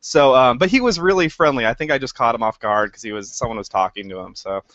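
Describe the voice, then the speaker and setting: A man's voice: mid-range voice, fast, a bit bright, no room sound. Man, game director guest, casual rambling talk, self-deprecating chuckles, dry close sound, slightly dull audio. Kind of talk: casual interview chat.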